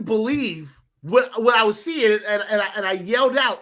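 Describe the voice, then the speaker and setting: A man co-hosting a casual sports chat, loud and hyped, swearing and repeating himself. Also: high-pitched, animated, normal speed, few pauses. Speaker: podcast co-host.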